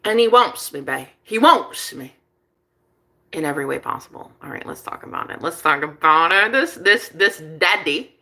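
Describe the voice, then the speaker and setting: A young woman talks straight to her viewers in a loose, rambling storytelling chat. Her voice is bright and forward, and her pitch swings widely from low asides to high, excited peaks. She swears casually and often laughs mid-sentence. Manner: chatty and animated, swears freely, quick bursts of laughter. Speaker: vlogger.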